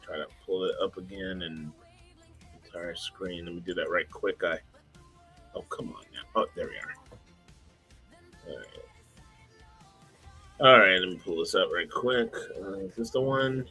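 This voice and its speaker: A man's voice: low voice, measured pace, long pauses, bright, forceful tone, soft background music. A man co-hosting a livestream, chatting casually and rambling with many uhs and repeated words. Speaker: co-host sharing his screen.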